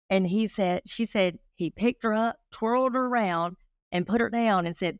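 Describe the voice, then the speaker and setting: A middle-aged woman with a mid-range voice speaks at normal speed, the studio sound clean and free of room tone. As a guest investigator in a relaxed interview, she spins lively stories and speaks directly to her audience.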